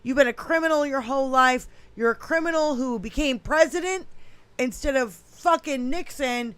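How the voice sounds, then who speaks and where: A woman's voice: high-pitched, normal speed, a bit bright, no room sound. A woman co-hosting a casual political podcast, ranting heatedly with a lot of swearing. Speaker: podcast co-host.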